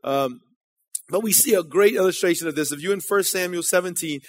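A man's voice: sits high, fairly quick. A man preaching a sermon in a church, casual and conversational, calling out to the congregation.

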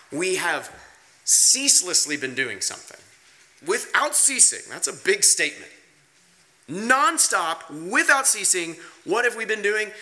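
A pastor preaching a sermon in a conversational, emphatic way, asking rhetorical questions and swinging his pace and pitch for emphasis. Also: bright, forceful tone.

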